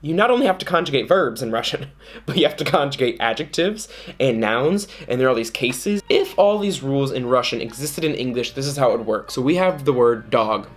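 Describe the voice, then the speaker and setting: A man telling a dating story to camera in a casual, jokey way, often jumping into high mock voices. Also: animated, a little fast.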